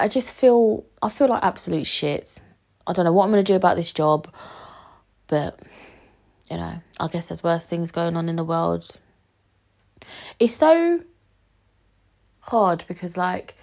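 A woman in her 20s, her voice low with a darkish tone, hosts a casual solo podcast while sick and upset. She rambles, filling her speech with fillers and some swearing.

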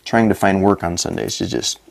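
Low-voiced man telling a personal story. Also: steady tone, brisk, creaky. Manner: earnest storytelling, acts out his own past dialogue. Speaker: podcast guest. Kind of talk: personal story in a podcast interview.

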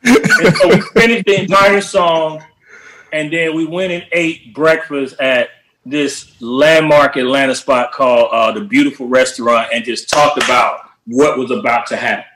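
A man's voice: medium pitch, unhurried, crowd noise. A man, a music producer, telling studio stories in a casual interview, acting out the people he quotes. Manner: animated, acts out quotes with shouted voices. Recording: roomy echo.

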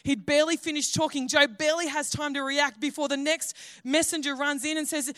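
Woman pastor, high voice, dry close sound, earnest conversational sermon. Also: fairly even intonation, a little fast, a bit bright, dry recording. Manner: earnest, conversational preaching with restarts.

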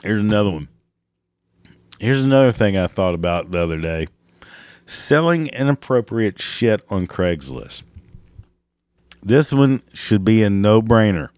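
A man's voice: on the low side, lively intonation, unhurried, pauses often, a little mellow. A man delivering a crude, exasperated comedic rant, laughing at his own jokes, his voice cracking. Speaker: comedic ranter.

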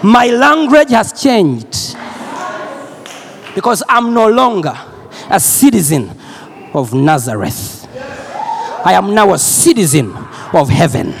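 A male preacher from Uganda giving a loud, energetic sermon, repeating phrases and drawing call and response from the congregation. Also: high voice, slow, creaky, long pauses, slight background noise.

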